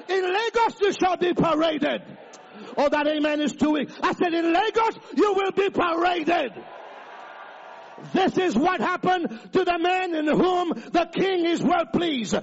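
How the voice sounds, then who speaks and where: A man's voice: very high voice, animated, moderate pace, slightly rough. A man preaching a sermon, calling out lines for the congregation to repeat back to him. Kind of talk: sermon with call-and-response. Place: large church hall. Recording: dull, echoey church recording.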